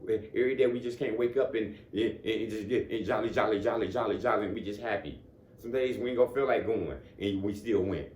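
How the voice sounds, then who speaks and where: Over a little hiss or hum, a man with a lowish, darkish voice speaks briskly in a casual motivational talk. The room echoes as he chats conversationally, repeatedly asking "you know what I'm saying" and chuckling between points.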